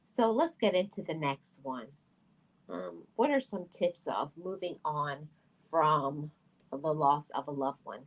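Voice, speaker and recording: A woman's voice: low voice, expressive, slow pace, rough recording. Earnest woman sharing grief advice. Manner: earnest and emphatic, repeating phrases for stress. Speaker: host of a self-help talk channel. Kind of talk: heartfelt personal talk to camera.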